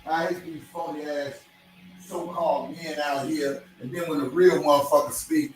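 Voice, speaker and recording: A man's voice: a little high, fairly even intonation, moderate pace. A man giving a heated, profane opinion rant as a blogger, repeating himself and using slang. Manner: angry, profane, repeats phrases, AAVE slang. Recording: roomy echo, off-mic distance.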